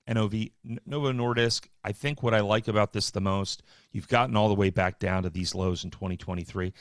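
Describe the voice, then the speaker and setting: A man hosting a live stock market show, talking casually with wry, offhand asides and quick bursts. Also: fairly low pitch, creaky, a bit bright, no room sound, studio quality. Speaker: market livestream host.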